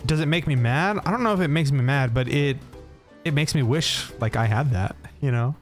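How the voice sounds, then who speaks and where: A man's voice: medium pitch, normal speed, faint music behind. A young American man streaming a game, chatting with viewers in a rambling, laughing way and swearing freely. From United States. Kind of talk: casual chat with viewers while gaming.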